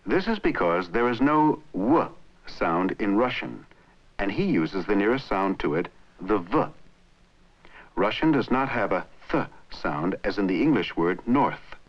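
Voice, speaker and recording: A man giving measured, scripted narration for an old educational film on language. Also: on the low side, big pitch swings. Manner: measured, explanatory. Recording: dull lo-fi old film soundtrack.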